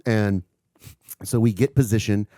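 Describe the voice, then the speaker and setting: Low-voiced man telling a story. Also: measured pace, no echo, clean studio sound. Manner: animated storyteller, swears freely. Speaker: podcast co-host. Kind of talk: casual storytelling chat.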